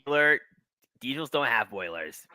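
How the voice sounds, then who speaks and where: A man co-hosting a casual fan podcast, steering the chat back to the topic in an animated way. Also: mid-range voice, moderate pace, no echo. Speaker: podcast co-host.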